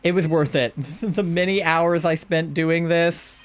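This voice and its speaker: A young man streaming a game live, gushing excitedly and cooing over cute creatures in casual commentary. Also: on the high side, a little slow, faint music behind.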